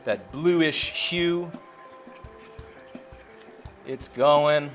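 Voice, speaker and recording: Faint music plays behind a man with a higher-pitched voice who draws out his words. He's a bartender making a cocktail, relaxed and chatty, tossing in "man" over and over as he demonstrates.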